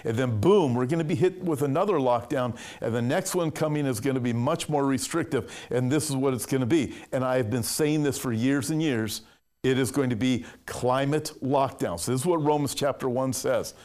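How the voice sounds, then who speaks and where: A man's voice: mid-range voice, normal speed, a little mellow. A man preaching an emphatic prophecy sermon as a pastor, reading news quotes aloud and commenting on them. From California.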